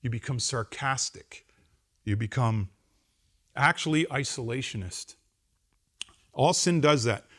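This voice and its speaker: A middle-aged man, a pastor giving a conference address to seminary students, animated and wry, swinging between loud emphasis and quiet asides. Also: medium pitch, measured pace, long pauses. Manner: wry humor and acted-out quotes. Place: seminary campus lecture.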